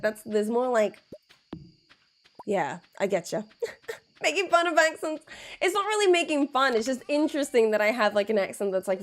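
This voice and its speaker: A woman streaming a game live, chatting and laughing with viewers, with a blocked nose. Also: fairly high pitch. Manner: chatty, giggly, repeats words slowly to show sounds. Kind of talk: casual live stream chat.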